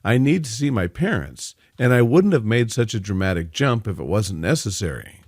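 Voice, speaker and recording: A man's voice: on the low side, sing-song, moderate pace, darkish tone, breathy edge, dry recording, clean studio sound. A man doing a chatty easygoing young man. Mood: friendly. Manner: casual, talkative.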